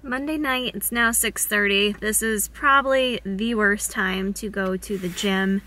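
A woman's voice: medium pitch, fairly even intonation, measured pace, pushed and bright. A woman in her twenties, a fitness vlogger talking casually to a handheld camera as she runs errands, chatty and upbeat, saying "like" often. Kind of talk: casual vlog chat. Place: out and about: car, gym, home.

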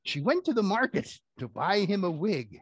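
A man's voice: sits high, very animated, moderate pace, breathy edge, no room sound. A man performing a children's puppet show, telling rhymes in a playful, theatrical way. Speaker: puppeteer and storyteller.

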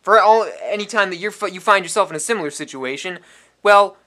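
A man voicing a loud, pushy, shady hustler who dodges the law in an improvised parody ad, stammering and asking "okay?" over and over. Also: sits high, expressive, a little fast. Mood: pushy, evasive.

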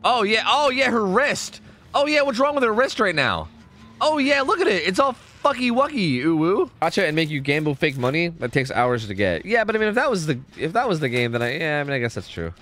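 This game streamer, with a voice on the high side and a slightly fast pace, keeps up casual, jokey commentary while he plays. He's excitable and swears a lot.

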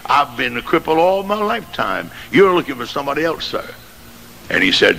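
A man preaching a sermon, telling a story dramatically and rising to shouted climaxes. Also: mid-range voice, big pitch swings, brisk, creaky. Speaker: pastor. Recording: noisy old sermon tape.

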